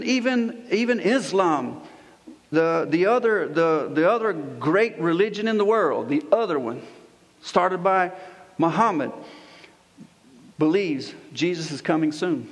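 Male pastor, high voice, long church reverb, repetitive emphatic preaching. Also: gravelly, fairly bright tone. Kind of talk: sermon.

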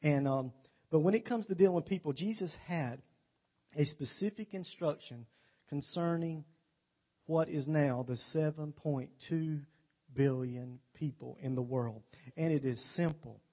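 A man's voice: on the high side, measured pace. A man preaching a sermon in a folksy, joking, storytelling way. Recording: dull lo-fi recording.

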